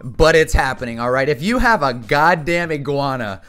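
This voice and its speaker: High, lively man ranting to camera. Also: normal speed, clean tone. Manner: exasperated, animated ranting with frequent swearing. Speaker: vlogger. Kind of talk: casual comedic rant to camera.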